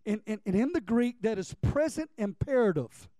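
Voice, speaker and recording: A middle-aged man preaching a sermon, telling stories with emphasis and dropping quiet for personal memories. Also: high-pitched, lively intonation, moderate pace, dry recording.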